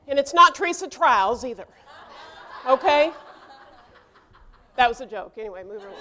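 A middle-aged woman pastor preaching a lively sermon, acting out quoted dialogue and rising into shouts. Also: high voice, moderate pace, long pauses.

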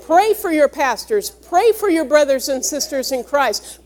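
Woman preacher, high voice, earnest teaching sermon delivery. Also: lively intonation, measured pace, hardly any pauses, a little mellow. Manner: earnest, teaching, explains each word. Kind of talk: sermon with scripture reading.

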